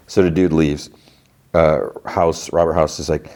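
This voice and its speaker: A man's voice: rumbling low, steady tone, fairly quick, mellow. A man hosting a podcast, casually recapping an episode in a rambling way, full of fillers. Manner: rambling, filler-heavy retelling. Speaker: podcast host.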